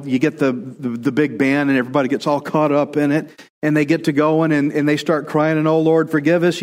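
A man's voice: on the high side, in a large hall. A male pastor preaching a conversational sermon, now and then acting out quoted voices.

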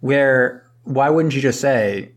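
Casting: male co-host, mid pitch, loose rambling recap style, acts out lines. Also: slow. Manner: rambling, acts out characters' lines, swears casually. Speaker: podcast co-host. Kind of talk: casual movie recap chat.

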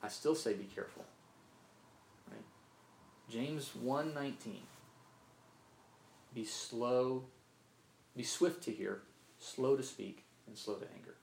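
A man's voice: mid-range voice, takes it slowly, vocal fry, pauses often, a little mellow, slight background noise. A man from Mississippi preaching a sermon, earnest, often repeating himself and asking "right?". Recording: roomy echo, faint ambience.

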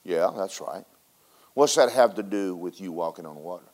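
A hushed Jesus, a calm and patient teacher, coaxes his pupil with soft, low questions, as a preacher acts him out in a sermon. The voice stays quiet and unhurried. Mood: gentle.

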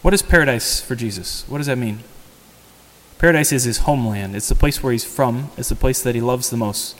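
Conversational priest in a reverberant church. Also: male voice, medium pitch, a little fast, fairly bright tone. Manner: conversational, asks the congregation rhetorical questions. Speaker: priest giving a homily. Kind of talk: sermon.

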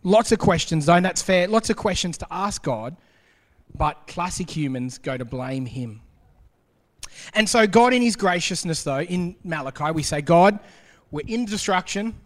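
A man preaching a sermon as pastor, acting out quoted voices and dropping to a hush for emphasis. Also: fairly high pitch, moderate pace. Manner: animated, acts out quoted voices, drops to quiet for emphasis. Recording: long hall reverb.

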